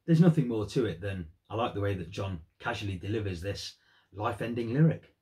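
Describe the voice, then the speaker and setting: A man's voice: fairly low pitch, animated, a little fast, dark tone. A man giving earnest, thoughtful commentary on song lyrics in a vlog. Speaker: music vlogger.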